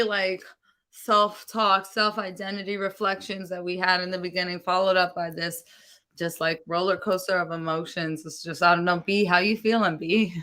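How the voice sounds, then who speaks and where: A woman's voice: mid-range voice, sharp tone. A woman co-hosting a virtual poetry open mic with a New York accent, chatting casually with fillers and frequent laughs. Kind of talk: casual live-stream hosting.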